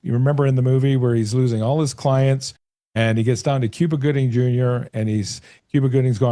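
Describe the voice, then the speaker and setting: A middle-aged man, a sales coach being interviewed, explaining ideas through lively analogies and acted-out bits of dialogue. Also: medium pitch, brisk. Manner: storytelling, acts out short dialogues and analogies. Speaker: sales coach and author, guest. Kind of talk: conversational interview.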